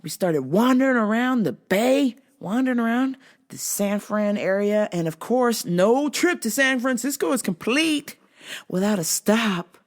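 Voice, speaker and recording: A woman's voice: on the high side, expressive, a little slow. A woman hosting a podcast, telling profane, joking stories in a casual comedic monologue and acting out sounds and voices. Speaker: podcast host.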